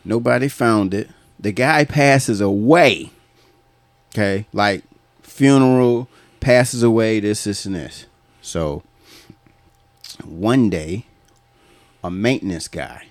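A man's voice: on the low side, takes it slowly, pauses often, no room sound. A man hosting a podcast, telling a long story in a casual, profane way and laughing often. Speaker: podcast host.

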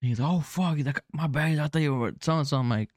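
A man in casual chat, telling an animated story and mixing in Spanish slang. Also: fairly high pitch, fast, no echo, clean studio sound.

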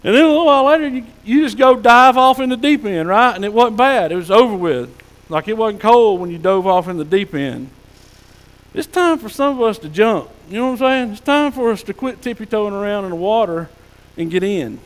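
A male pastor preaching a folksy sermon, sometimes dropping to a soft hush. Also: sits high, animated, a little fast, in a large hall, low-quality recording. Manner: folksy preaching, drops to soft hushed tones for God's whispers. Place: church sanctuary.

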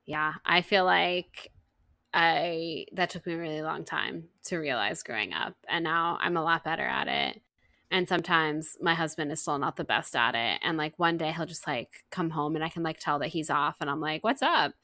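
A woman co-hosting a podcast, chatting casually about a book, retelling scenes with quoted lines and quick laughs. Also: sits low, bright, forceful tone, no room sound. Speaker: podcast co-host. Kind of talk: casual book-club chat.

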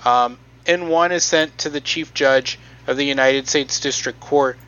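A man's voice: mid-range voice, a little slow, sharp tone, clean tone, lo-fi sound. A man on a podcast explaining a process from notes, hesitant and matter-of-fact with frequent ums. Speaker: podcast host presenting research.

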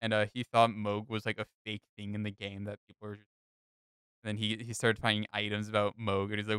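A man's voice: fairly low pitch, completely flat delivery, fast talker, a bit bright, smooth, dry recording. A young man in casual podcast chat, telling a long rambling story full of fillers and swearing.

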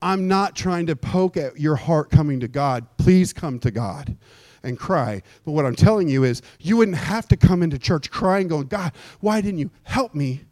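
A man preaching a sermon in a church, animated, acting out little scenes with shouts and mock voices. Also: fairly high pitch, moderate pace, no room sound, clean studio sound. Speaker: pastor. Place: church sanctuary.

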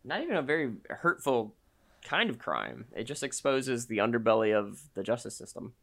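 A man's voice: medium pitch, sing-song, normal speed, creaky, a bit bright. A man co-hosting a casual podcast chat, with a dry, teasing, sarcastic manner. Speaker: podcast co-host.

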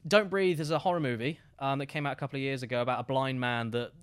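A man, a guest on a gaming podcast, chatting casually in an animated way, repeating himself for emphasis and swearing freely. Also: mid-range voice, quick pace, clean tone.

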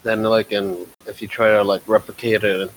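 A man's voice: lowish voice, flat delivery, fairly quick, a little hiss or hum, poor audio. A man guesting on a podcast in casual chat, teasing and swearing freely. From Filipino.

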